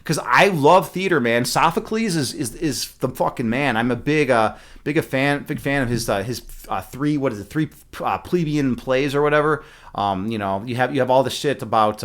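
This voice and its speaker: This medium-pitched man is a chess instructor live-streaming and chatting casually. He rambles, fills his talk with fillers, keeps restarting, and laughs a lot.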